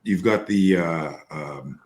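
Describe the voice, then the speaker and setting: A man with a very low voice hosts a relaxed interview. He rambles through a story, pausing on fillers and correcting himself as he goes. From Canada. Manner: rambling, hesitant anecdote with fillers. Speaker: podcast host. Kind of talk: casual interview chat.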